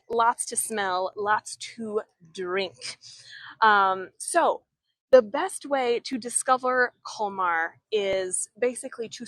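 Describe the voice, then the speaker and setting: Chatty woman guiding a slow walking tour. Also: medium pitch, fairly bright tone, no echo. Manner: chatty, halting with frequent restarts and fillers. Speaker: travel vlogger and tour guide. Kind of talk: live walking tour stream. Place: outdoors in an old town street. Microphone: handheld phone.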